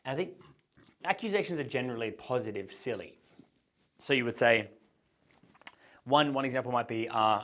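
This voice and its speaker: A man giving an instructional talk as a dating coach, explaining step by step and changing his pace and pitch to act out examples. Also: lively intonation, normal speed, pauses often, fairly bright tone.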